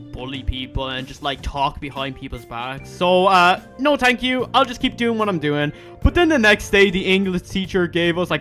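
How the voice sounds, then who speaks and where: Animated Irish young-man vlogger, ranting school stories; high, lively voice over faint music. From Ireland. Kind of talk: storytime vlog.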